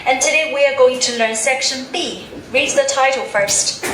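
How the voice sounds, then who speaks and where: A woman teaching English to a class, speaking slowly and clearly and having the students repeat words after her. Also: high-pitched, a bit bright. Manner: slow, clearly enunciated prompting, drilling words for a class to repeat. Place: school classroom. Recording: echoey classroom from a distance, background noise.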